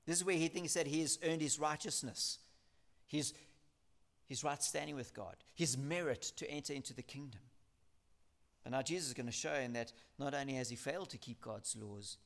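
A man preaches with earnest intensity, using repetition to build each point and slowing down to read scripture aloud. He has a medium-pitched voice with vocal fry.

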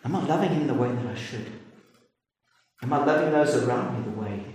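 A man preaching a sermon in an earnest, emphatic way, slowing down to stress key words. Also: mid-range voice, darkish tone. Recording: echoey hall with faint noise.

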